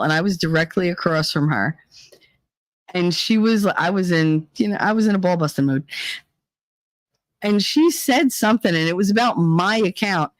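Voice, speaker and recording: A woman's voice: on the low side, dry recording, poor audio. A woman hosting a casual talk show, telling a story in a blunt, profane, swaggering way. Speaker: podcast host.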